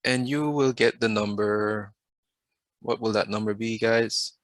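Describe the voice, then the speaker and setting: A fairly low, steady-toned voice, a little slow, belongs to a man leading a math class over video. He patiently stops to quiz the students and waits for them to respond, recorded with no room sound.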